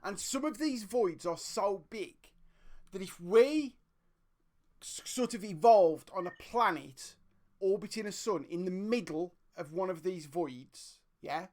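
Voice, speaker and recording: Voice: medium pitch, expressive, a little slow, a little mellow. A podcast co-host chatting casually, keen and stumbling over restarts. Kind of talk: casual pub chat.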